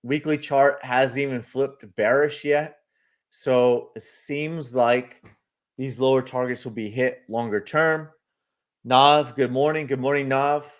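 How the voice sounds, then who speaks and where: A market stream host takes it slowly, his medium-pitched voice fairly even in intonation. He speculates casually about charts, reads comments from viewers aloud and replies, peppering his talk with fillers.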